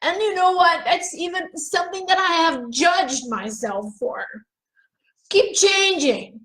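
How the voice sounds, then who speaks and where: A woman's voice: very high voice, lively intonation, takes it slowly, a bit bright, poor audio. A woman giving a raw, profane self-help monologue on a live video, questioning herself aloud.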